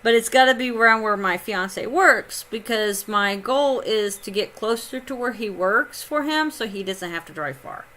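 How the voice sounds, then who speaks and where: A woman's voice: fairly high pitch, lively intonation, moderate pace, few pauses, sharp tone. A woman from Indiana, chatting casually on a live stream while she plays a game, reading chat aloud and laughing often. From Indiana, United States.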